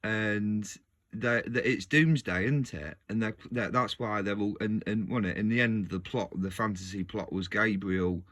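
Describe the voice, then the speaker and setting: Unhurried and fairly low, a man chats casually with his video audience. He wanders, cuts himself off and starts sentences over, with an animated manner and frequent laughter.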